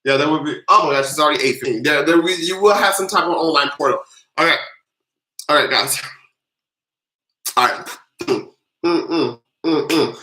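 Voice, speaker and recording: A live-stream host with a bright, pushing voice answers viewers' questions in loose, casual talk full of restarts. The host keeps pumping up the chat, leading loud chants. The voice rings in an echoey room. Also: medium pitch, a little slow. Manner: hyped-up, cheerleading the chat. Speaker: tax livestream host. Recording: roomy echo.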